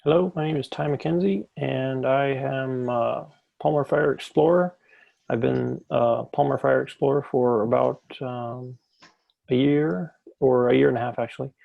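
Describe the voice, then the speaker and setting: A man's voice: mid-range voice, fairly even intonation, measured pace, vocal fry, dry recording. A young man politely introducing himself as a fire explorer in an online class. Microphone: video call. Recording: dry, muffled video-call audio.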